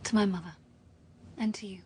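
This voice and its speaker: A woman's voice: medium pitch, fairly even intonation, a little fast, a little mellow, husky. An actress playing a cold, haughty female villain, speaking in a cutting, condescending way in film dialogue. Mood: solemn.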